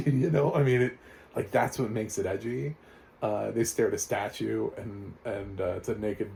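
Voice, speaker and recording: Rich: a low-voiced man with a dark, mellow tone rambles through a sarcastic movie review, chuckling as he goes. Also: a little hiss or hum. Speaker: film reviewer. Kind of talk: casual spoken review.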